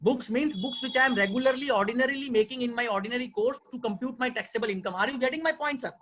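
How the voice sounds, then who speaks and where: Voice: medium pitch, quick pace, fairly bright tone. A tax law speaker with an Indian accent giving an earnest webinar lecture over a video call, repeating key points and addressing listeners as sir.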